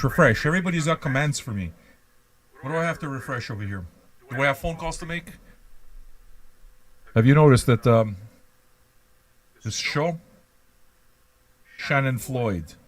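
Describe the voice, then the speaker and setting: A man hosting an online radio show with a rambling, mocking, profane ranting monologue. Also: medium pitch.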